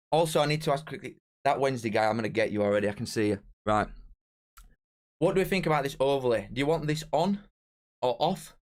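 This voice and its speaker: A young man chatting casually on a live stream as host, excitable and bantering straight to his viewers. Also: medium pitch. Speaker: streamer hosting a live watch-along.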